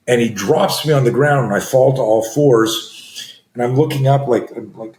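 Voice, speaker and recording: A man's voice: medium pitch, moderate pace, darkish tone. A man in his sixties, a self-defense coach telling stories as a guest, acting out scenes with screams and gasps. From Canada. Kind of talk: storytelling in a conversation. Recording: roomy echo.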